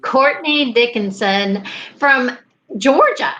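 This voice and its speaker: A woman from South Carolina hosts a live online interview, chatty and warm in tone, with quick bursts and fillers. Her voice is bright and fairly high, heard through a slightly dull video-call line. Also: animated, faint music behind. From Greenville, South Carolina. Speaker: show host.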